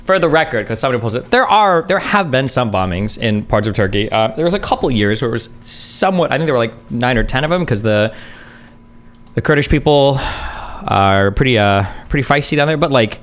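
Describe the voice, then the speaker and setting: A man in his thirties hosts a live stream, his voice rising and falling in lively swings as he reacts to clips. He is blunt, sarcastic and swears freely. When he explains something, he walks through it point by point and checks in with the audience. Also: medium pitch, fairly quick. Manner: explains step by step, checking in with "okay?". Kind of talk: casual live-stream commentary.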